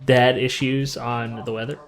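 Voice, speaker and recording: A man's voice: mid-range voice, flat delivery, a little slow. A man co-commentating a card game from outdoors, joking with dry asides.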